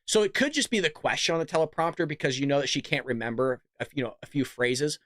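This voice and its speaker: A man's voice: a little high, expressive, fast, fairly bright tone, no echo, studio quality. A man hosting a casual political commentary show in a mocking, sarcastic way. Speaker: show host.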